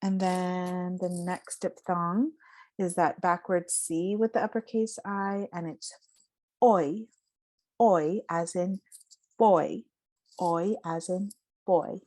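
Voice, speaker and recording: Woman, teacher, phonetics lesson, slow careful delivery, lowish pitch. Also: fairly even intonation, darkish tone. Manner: slow, careful, modeling sounds.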